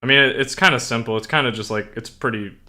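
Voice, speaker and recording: A man's voice: medium pitch, fast, sharp tone. A young man streaming, chatting casually in a rambling way full of fillers. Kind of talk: casual chat.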